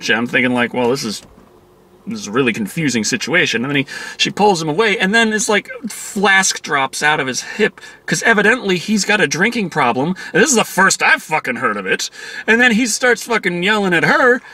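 Guy ranting a movie review, cussing a lot, kinda high bright voice, all over the place. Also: very animated, fairly quick. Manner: profane, exasperated, acts out quotes. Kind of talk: casual rant review.

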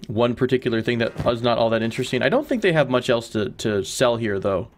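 A man's voice: medium pitch, lively intonation, quick pace, slight background noise. A man hosting a let's play, giving casual gameplay commentary, chatty and rambling as he thinks aloud.

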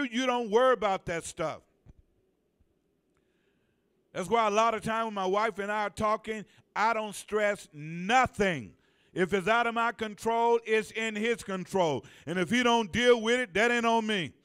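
A male pastor with a high-pitched, fairly bright, clear and resonant voice delivers a sermon in the church sanctuary. He prompts the congregation to respond and lingers on key phrases for emphatic effect.

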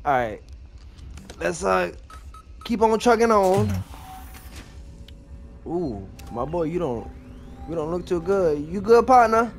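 A man's voice: sits high, animated, slow, pauses often, soft background music. A man giving casual gameplay commentary, apologetic and rambling, with a lot of slang and self-mockery. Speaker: gaming video creator.

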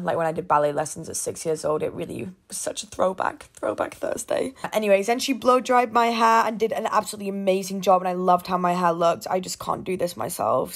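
A woman's voice: fairly low pitch, fairly bright tone. A 21-year-old woman vlogging casually to camera, chatty and self-mocking, laughing often. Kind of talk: casual vlog talk to camera.

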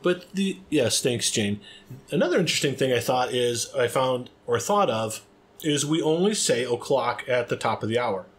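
American guy co-hosting a chatty podcast, rambly and jokey, laughs a lot, plain middle pitch. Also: lively intonation. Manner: playful, rambling, quick to laugh. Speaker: podcast co-host. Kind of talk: casual podcast chat.

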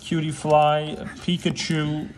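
A man's voice: a little high, completely flat delivery, slow, darkish tone, a little hiss or hum. A man hosting a casual card-opening chat with a friend, joking and teasing while calling out the cards. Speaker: channel host.

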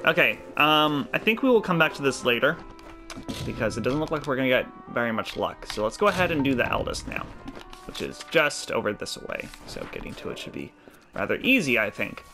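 Man, gamer commentary, loose and jokey, game music clearly behind. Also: medium pitch, very animated, brisk, pushed and bright. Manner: chatty, swears, mock-corny jokes. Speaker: let's play gamer. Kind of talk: casual gameplay commentary. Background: game music and sounds.

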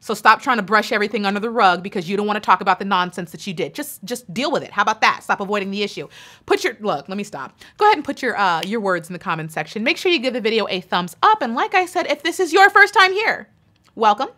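A woman's voice: mid-range voice, sing-song, quick pace, pushed and bright. An American woman talking straight to her channel's viewers in an emphatic, indignant opinion vlog, hammering her points home with repetition. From United States. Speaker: YouTuber.

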